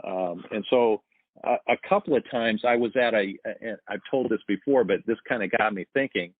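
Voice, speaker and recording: A man's voice: lowish voice, moderate pace. A man in his sixties chatting casually on a podcast, telling sales anecdotes and acting out both sides of the dialogue. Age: 60s. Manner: storytelling, acts out quoted dialogue. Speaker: sales guest. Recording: tinny phone-like line, dry.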